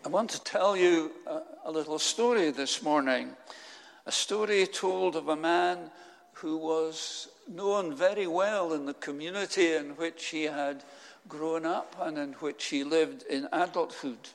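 A man preaching a sermon, telling a story with slow, solemn pauses. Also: fairly high pitch, big-room sound.

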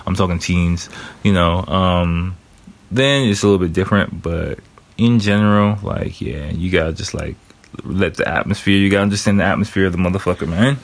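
A man in his thirties with a very low, deep voice talks in a loose, rambling way. He swears constantly and slips into quick acted-out lines of what other people think. It sounds like an unscripted advice monologue. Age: 30s. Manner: profane, rambling, acts out other people's thoughts. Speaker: commentator on a show.

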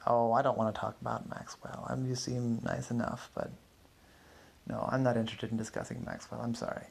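Guy playing a little old lady, polite but shutting you down, husky and rough. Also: mid-range voice, flat delivery, brisk. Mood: guarded.

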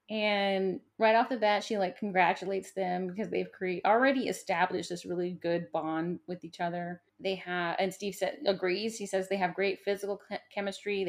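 A woman co-hosting a podcast, recapping a show in casual chat with quick asides and frequent laughter. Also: mid-range voice. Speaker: podcast co-host.

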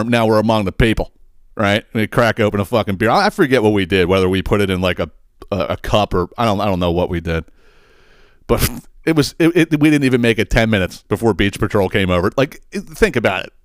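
A man's voice: on the low side, fairly quick, dry recording, studio quality. A man, hosting a podcast and telling a rambling, profane story in casual chat. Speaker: podcast host.

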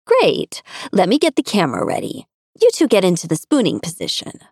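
A woman narrator voicing a brisk, matter-of-fact female photographer who speaks quickly and higher than the narration. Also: huge pitch swings, creaky, a little mellow, breathy edge, no room sound, clean studio sound, exaggerated voice.

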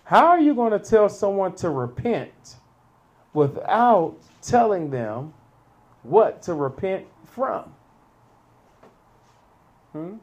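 A man preaches a sermon unhurriedly, his sing-song pitch swinging widely. He chuckles between points, then jumps to loud peaks on the key lines.

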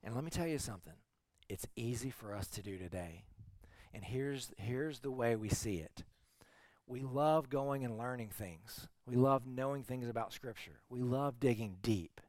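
A man preaching a sermon as teaching pastor, telling stories conversationally and moving between quiet, soft passages and emphatic points. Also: medium pitch, moderate pace, dry recording.

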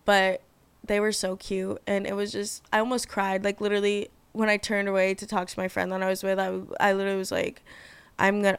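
A chatty young woman talks on her solo podcast, gushing and peppering her speech with fillers and casual swearing. Her voice is smooth and clear, recorded close and dry with no room sound. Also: medium pitch, no echo. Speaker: podcast host.

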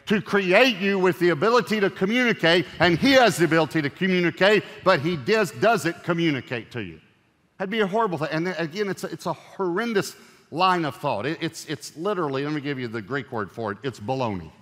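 Animated joking pastor in a big hall. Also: male voice, on the high side, brisk. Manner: animated and joking, swinging from loud punchy lines to hushed earnest ones. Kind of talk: sermon.

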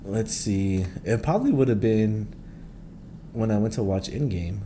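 A young man co-hosting a podcast in casual chat, laid-back and teasing, quick to laugh. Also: lowish voice, dark tone, slight background noise. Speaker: podcast co-host.

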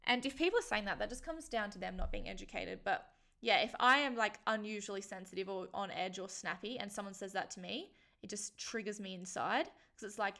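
A woman's voice: mid-range voice, fairly quick, gravelly, sharp tone. A young woman, frankly telling a personal story in casual vlog talk, swearing freely and filling with "like" and "um". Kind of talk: candid personal storytelling to camera.

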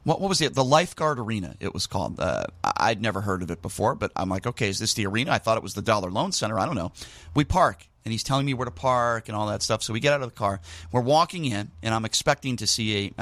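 A middle-aged man hosting a sports talk show, telling stories in a casual, animated way with indignant outbursts. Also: on the low side, fast talker, dry recording. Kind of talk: casual sports radio monologue.

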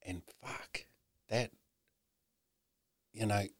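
Deep-voiced man telling his story candidly. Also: steady tone, no echo, studio quality. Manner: earnest, heavy swearing, halting with many "you know"s. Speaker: guest.

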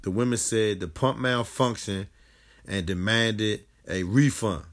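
A man giving heated, casual commentary on a news story, speaking in with plenty of profanity and animated outbursts. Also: lowish voice, a little slow.

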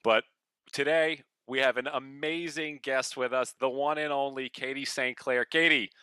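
A man hosting a podcast in a casual interview, loud and upbeat, with a radio voice he keeps at one volume. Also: steady tone, moderate pace, clear, resonant tone, no room sound. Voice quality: deep radio voice. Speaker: podcast host.

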